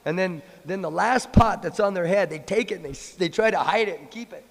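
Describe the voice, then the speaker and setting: Male lecturer, lively storytelling, fairly high voice, long temple hall reverb. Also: fairly quick, vocal fry. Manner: animated, playful storytelling, acts out voices. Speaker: monk lecturer. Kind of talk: sermon with storytelling.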